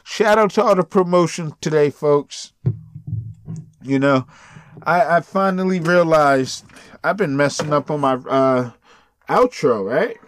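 A man's voice: a little high, measured pace, pauses often, no room sound. Laid-back swearing podcast host, a man. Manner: laid-back, swears freely, talks straight to listeners. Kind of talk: casual solo podcast outro.

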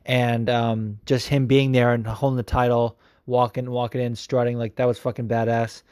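A young man hosts a podcast in a mid-range, slightly mellow voice at normal speed and a level tone, chatting casually and answering listener messages. He rambles and curses, swinging from mumbling to hyped. The recording is dry and studio quality.

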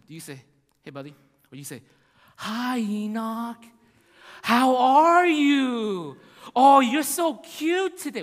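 A man preaching a sermon, animated and full of rhetorical questions, acting out little voices as he goes. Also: high-pitched, big-room sound. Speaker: pastor.

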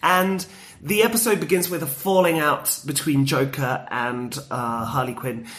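An enthusiastic podcast co-host chatting casually and rambling through fond memories, full of fillers and restarts. They talk freely, leaning on "like" as they go, and their pitch sits in the middle range. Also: fairly even intonation, measured pace, a bit bright. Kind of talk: casual chat.

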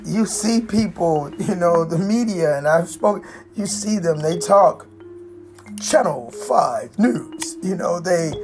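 A woman with a low voice tells a personal story in a loose, reflective way. She circles back often, leaning on "you know" and restarting her sentences, while faint music plays behind her. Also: creaky, a little mellow. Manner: rambling, with frequent "you know" fillers and restarts. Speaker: speaker sharing life story.

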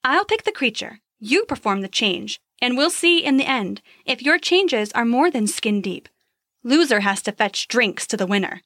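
A woman voicing a calm, sly goddess of love in a storybook podcast, speaking smoothly with a near purr. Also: a little high, moderate pace, dry recording, studio quality, full character voice. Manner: calm, purring.

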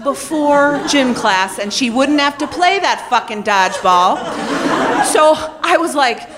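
A woman telling a humiliating personal story to a live audience, animated, self-mocking and full of swearing. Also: sits high, moderate pace, a crowd in the background.

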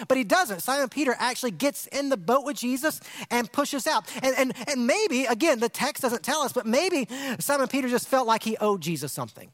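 A man's voice: extremely high pitch, animated, a little fast, a bit bright. A man pastor preaching a conversational sermon, asking the congregation questions and often repeating words as he restarts phrases. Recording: long hall reverb.

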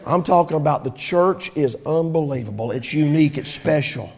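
High-voiced fervent preacher. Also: male voice, normal speed. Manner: fervent preaching, swings from loud to soft. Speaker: pastor. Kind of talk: sermon. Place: church sanctuary. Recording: long church reverb.

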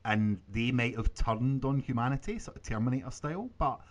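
Man, co-host, mid-pitched voice, calm and speculative, casual chat. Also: fairly quick. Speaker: podcast co-host. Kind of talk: casual gaming podcast chat.

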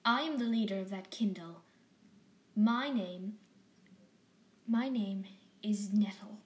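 A woman's voice: mid-range voice, takes it slowly, reverberant, natural voice. A woman voicing a fluffy Siamese she-cat who leads her clan, speaking with dignity. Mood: dignified.

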